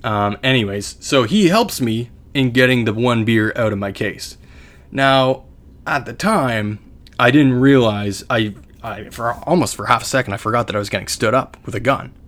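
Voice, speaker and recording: This podcast co-host is a young Canadian man with a slightly bright mid-range voice at normal speed. His casual storytelling runs long, wanders, pokes fun at himself, and keeps starting over.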